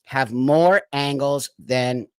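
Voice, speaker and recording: A man's voice: mid-range voice, slow, clear, resonant tone, no echo, studio quality. A man hosting a live stream of political commentary, talking straight to his viewers in a heated, emphatic way. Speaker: livestream host.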